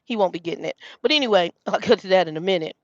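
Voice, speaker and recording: A woman's voice: lowish voice, very fast, no room sound, dull audio. A woman telling a rambling, profane storytime to her camera, with lots of restarts. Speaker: vlogger. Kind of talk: casual storytime monologue. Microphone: self-filmed camera.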